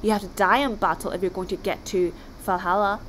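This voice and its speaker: A woman's voice: medium pitch, fairly even intonation, fairly quick, a bit bright, a little hiss or hum, natural voice, low-quality recording. A woman voicing a clever, bookish young Viking boy who talks in a matter-of-fact, persuasive way.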